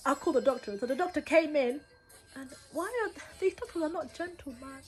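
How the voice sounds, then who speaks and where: A young woman, telling a story in a casual, slangy and animated way, acting out what people said. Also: high voice, fairly quick, faint music behind. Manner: animated, acts out quotes with loud bursts and laughter; slangy, repetitive phrasing. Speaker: vlogger.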